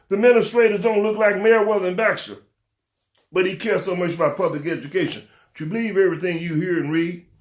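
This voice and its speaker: A man hosting a local talk show, scolding his audience with fervent rhetorical questions in a preacher-like style. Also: high-pitched. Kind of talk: preacher-like call-and-response commentary.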